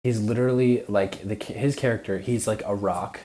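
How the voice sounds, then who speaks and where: Low-voiced man chatting casually. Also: steady tone, brisk, warm tone. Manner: loose, filler-heavy, says "literally" and "like". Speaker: podcast guest. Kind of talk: casual podcast chat.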